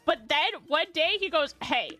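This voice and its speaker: A woman streamer tells stories in casual chat, her voice high and bright. She swoops all over her range and narrates with animated energy. Faint music plays underneath. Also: brisk. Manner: animated storytelling with bursts of laughter.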